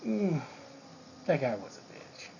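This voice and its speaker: A man's voice: a little high, very animated, slow pace, creaky, dark tone. A man casually telling a swaggering, profane story about a confrontation. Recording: muffled lo-fi recording, faint hiss.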